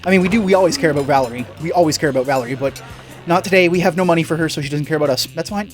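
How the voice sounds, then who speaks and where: A man talking casually over a game he plays, joking and rambling, and speeding up when he gets going. His voice is mid-pitched. Soft music runs under him. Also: very fast. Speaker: game streamer.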